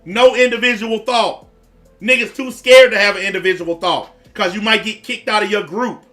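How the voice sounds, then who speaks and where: High-voiced ranting male commentator. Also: fairly even intonation, normal speed, fairly bright tone, soft background music. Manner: profane, blunt, repetitive ranting.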